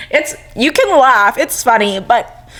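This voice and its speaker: Animated, higher-voiced woman podcast co-host. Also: slow pace. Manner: chatty, animated storyteller. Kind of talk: casual podcast chat.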